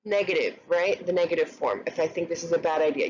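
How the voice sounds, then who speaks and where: A woman teaching an online English grammar lesson, chatty and relaxed, often checking in with "right?". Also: fairly low pitch, quick pace. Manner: casual, many fillers and "right?" checks. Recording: slightly dull lo-fi recording, faint noise.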